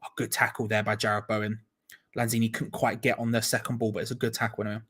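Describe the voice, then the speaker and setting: Excitable young fan commentating live. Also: male voice, on the low side, fast, breathy edge. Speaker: watch-along host. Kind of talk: live match watch-along commentary.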